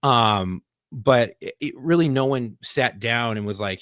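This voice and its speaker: A man's voice: medium pitch, measured pace, a bit bright, no room sound. A man from California hosting a podcast, talking in a laid-back, profane way full of "dude". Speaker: podcast host, Marine veteran. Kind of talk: casual chat. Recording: dry close-miked sound.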